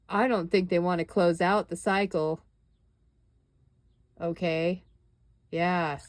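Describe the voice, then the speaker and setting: A woman's voice: fairly low pitch, a little mellow, no echo. A woman doing a tarot reading, musing and dramatic, with exclamations and sighs. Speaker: tarot reader.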